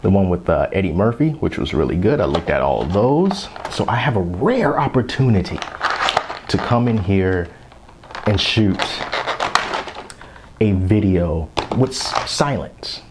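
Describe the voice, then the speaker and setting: A man's voice: low voice, sing-song, measured pace, background noise. A man in his thirties casually reviewing action figures on camera in a chatty, rambling way, now and then dropping to a whisper. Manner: chatty, rambling, drops into whispers so as not to wake his kids. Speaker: toy collector vlogger.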